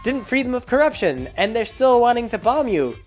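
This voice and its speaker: A man mimicking a naive, self-important heroine in slow, overly earnest tones during a mocking movie recap. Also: very high-pitched, big pitch swings, faint music behind. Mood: alarmed.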